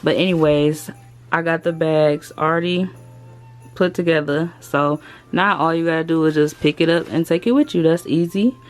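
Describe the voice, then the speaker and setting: A young woman with a deep voice tells stories in a casual vlog, speaking at a moderate pace into a handheld phone from her car and a store aisle, with soft music in the background. Chatty and animated, she puts on playful voices for the people she quotes.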